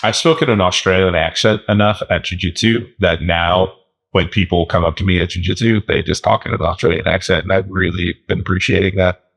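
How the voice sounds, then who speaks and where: A man co-hosting a podcast in casual chat, animated and laughing often, slipping into joke accents. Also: deep voice, a little fast, creaky. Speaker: podcast co-host.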